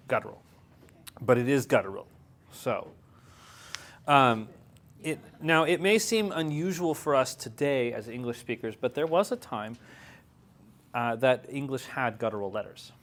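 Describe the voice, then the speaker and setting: A man's voice: medium pitch, fairly bright tone. Male teacher, casual and jokey, mid-range voice, classroom lesson. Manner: joking, chatty, laughs often. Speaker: Hebrew teacher.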